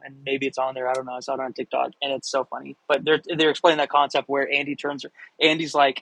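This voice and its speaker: A young man with a slightly high voice, chatting live to viewers in a rambling, excitable way, cursing as he goes. The sound is dry and close, with no room around it. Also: quick pace, gravelly, few pauses, no room sound, rough recording. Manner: rambling, excitable, swears freely. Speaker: livestream host answering viewer questions. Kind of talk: casual live chat.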